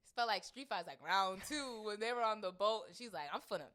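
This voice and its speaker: A young woman from Florida co-hosting a podcast in casual chat, animated and acting out scenes. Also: medium pitch, brisk. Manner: animated, acts out scenes with quoted voices. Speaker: podcast co-host.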